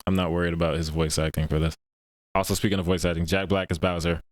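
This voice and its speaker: A man co-hosting a movie review podcast, relaxed and agreeable in casual chat. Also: low voice, quick pace, no echo. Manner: relaxed, agreeable, lots of backchannel. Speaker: podcast co-host.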